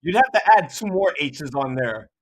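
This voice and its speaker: Animated New York-accented live streamer. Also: medium pitch, moderate pace, poor audio. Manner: loud, profane, joking rants. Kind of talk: casual live reaction stream.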